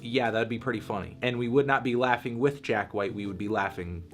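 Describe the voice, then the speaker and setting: A male critic picks an album apart in a dry, deadpan, sarcastic tone. His pitch sits in an ordinary middle range. Faint music lies under the voice. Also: a little fast. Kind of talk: review commentary.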